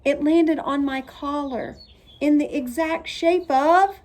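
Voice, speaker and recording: A woman voicing a scheming, theatrical first-grade boy in a storybook reading, slow and a bit raised. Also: high-pitched, steady tone, a little mellow, voice pushed up. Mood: conspiring.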